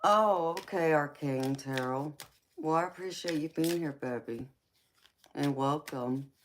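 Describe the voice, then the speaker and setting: A woman's voice: low voice, a little hiss or hum. A woman with a Southern American accent, hosting a casual live stream and chatting with her viewers, calling them baby and honey. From California. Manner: warm terms of endearment, slow relaxed talk. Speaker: tarot reader and live stream host.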